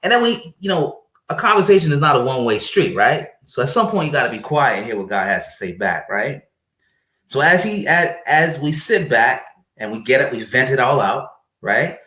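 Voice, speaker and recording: Guy telling marriage stories, pretty lively, acts out what people say, roomy echoey sound. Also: mid-range voice, moderate pace. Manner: animated storyteller, acts out quoted speech. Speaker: guest speaker on marriage. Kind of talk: casual conversational preaching. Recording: roomy echo.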